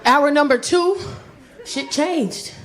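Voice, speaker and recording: Stand-up woman in her forties, high-pitched, swears freely, swings into shouting. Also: slow pace, some chatter behind. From Belizean and Nigerian heritage. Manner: profane, animated storytelling with loud shouted bursts. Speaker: stand-up comedian. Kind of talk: stand-up comedy. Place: comedy stage with live audience.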